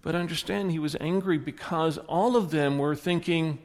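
A man's voice: on the high side, normal speed, hardly any pauses. A man preaching a sermon as a pastor, retelling a story and acting out the characters' lines. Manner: storytelling, voicing the characters in quotes. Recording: long hall reverb.

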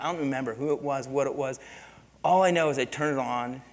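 A middle-aged man preaching a sermon as a pastor, telling a story with lively energy and breaking into shouts. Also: mid-range voice, fairly quick. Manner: animated storytelling, bursts into shouting. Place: church sanctuary. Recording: long reverb of a church hall.

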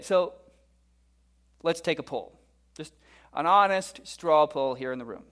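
A man preaching a sermon, reading scripture and telling a story with lively humor. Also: a little high. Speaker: pastor.

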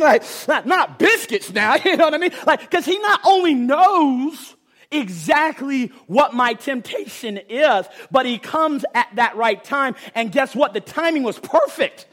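A man in his thirties preaching a sermon, animated and playful, swinging from loud outbursts to hushed asides and repeating words for emphasis. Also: very high-pitched, normal speed. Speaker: pastor.

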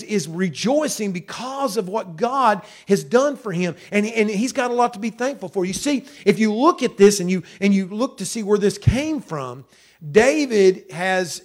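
US male pastor, high-pitched, folksy sermon delivery, repeats himself and says hallelujah often. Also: animated, moderate pace. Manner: folksy, repetitive, with frequent hallelujahs and amens.

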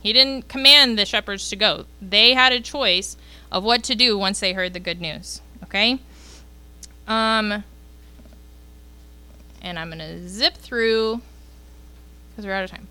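Woman, youth group leader, very bright voice, smooth and clear, casual Bible lesson, chatty check-ins. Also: mid-range voice, unhurried, pauses often.

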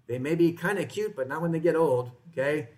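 Male pastor, slightly higher voice, conversational sermon delivery. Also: brisk, a little mellow. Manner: conversational, asks the congregation questions. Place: church, in front of a congregation.

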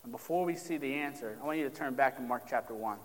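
A man's voice: medium pitch, fast talker, long reverb tail. A pastor preaching a sermon, addressing his congregation directly and building emphasis as he reads from Scripture.

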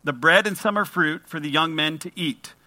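A man's voice: fairly high pitch, normal speed, pushed and bright, no echo. A man preaching a sermon, speaking conversationally and reading scripture aloud with emphasis. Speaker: pastor.

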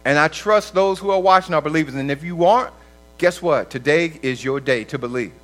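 High-voiced man preaching a lively sermon. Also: a little fast, poor audio. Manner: conversational, acts out quoted voices, laughs often.

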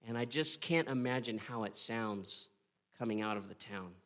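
A man preaching a sermon, retelling a story with earnest drama, pausing and asking "right?". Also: medium pitch, fairly bright tone. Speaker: pastor.

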